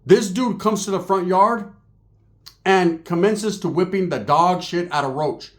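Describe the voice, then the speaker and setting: A man's voice: sits high, unhurried. Streetwise man spinning raw prison stories. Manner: profane street slang, frequent "right?" tag questions. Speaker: storyteller recalling prison and gang life. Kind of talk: casual anecdote-telling.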